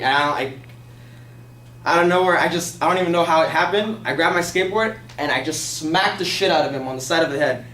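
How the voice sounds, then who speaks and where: Fast-talking young man telling a story. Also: a little high, a bit bright. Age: young adult. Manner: rambling, fills speech with "like" and profanity. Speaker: student storyteller. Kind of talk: casual personal storytelling. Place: classroom. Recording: echoey classroom, mic far off, faint hiss.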